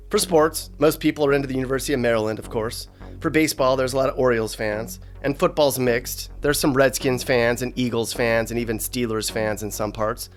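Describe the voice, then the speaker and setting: Man with deadpan sarcastic narration. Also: medium pitch. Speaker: host. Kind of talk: comedic scripted narration.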